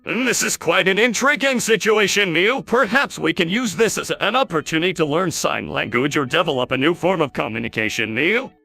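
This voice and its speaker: An AI doing a gravelly, know-it-all cartoon guy. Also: medium pitch, expressive, a little fast, hardly any pauses, pushed and bright, faint music behind, full character voice. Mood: lecturing. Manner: explanatory, lecturing. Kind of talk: AI voice imitation of a cartoon.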